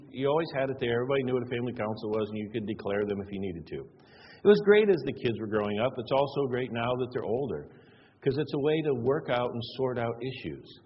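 A man's voice: mid-range voice, slight background noise. A middle-aged man preaching a sermon, telling family stories in a conversational, self-deprecating way and often repeating words for emphasis. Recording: dull sound with long hall reverb.

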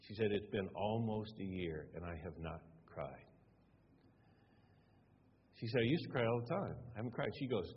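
Low-voiced pastor guy preaching, chatty storytelling, dull sound with a long hall echo. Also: expressive, normal speed, pauses often, slight background noise. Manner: conversational, retelling dialogue with varied emphasis. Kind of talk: sermon with storytelling.

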